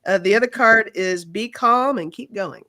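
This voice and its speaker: A woman's voice: medium pitch, moderate pace, sharp tone, dry recording. A woman hosting a tarot livestream, talking in a laid-back, chatty way as she explains the cards she has drawn. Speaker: tarot reader and livestream host. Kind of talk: casual livestream chat and card reading.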